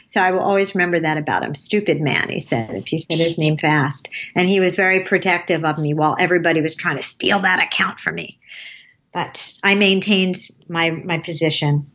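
A woman's voice: lowish voice, a little fast, a bit bright, muffled recording. A woman in her late fifties, a guest in an interview, telling rambling stories and laughing often. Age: 50s. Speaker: guest, advertising creative. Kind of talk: casual interview storytelling.

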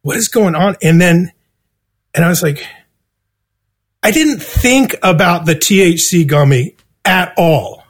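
Profane, high-voiced man telling a wild story. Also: measured pace, pauses often. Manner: profane, animated, acts out his own quotes. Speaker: guest musician. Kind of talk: casual storytelling.

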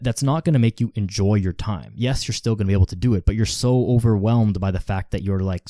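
A man's voice: lowish voice, warm tone, dry recording, studio quality. A man hosting a fitness podcast, talking casually and rambling with lots of "like" fillers. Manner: rambling, heavy use of "like" fillers. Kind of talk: casual solo podcast talk.

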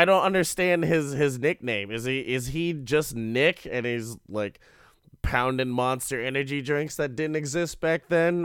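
Casual, profane recapper: a man with a smooth, resonant voice, recorded dry. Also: medium pitch, fairly bright tone, dry recording. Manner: profane, rambling, laughs often. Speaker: show reviewer.

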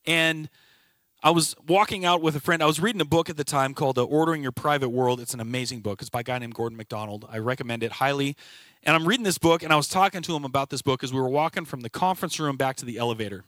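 Talking fast in a slightly bright, medium-pitched voice, a middle-aged brokerage team leader recounts his work life as a testimony. He's earnest and reflective, storytelling and quoting conversations, with no room sound.

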